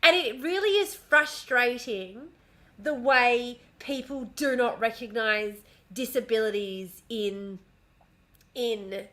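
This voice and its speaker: A woman's voice: on the high side, slow, sharp tone. A woman with an Australian accent, chatting casually on a home stream and swearing freely as she talks with a smile. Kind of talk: casual livestream chat. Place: home room. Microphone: desk mic at home.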